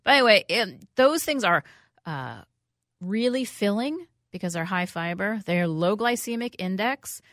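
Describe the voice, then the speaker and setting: A woman's voice: medium pitch, lively intonation, measured pace, a bit bright, no room sound, clean studio sound. A woman hosting a food radio show, talking casually and rambling with many fillers, restarts and easy laughs. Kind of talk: casual talk radio chat.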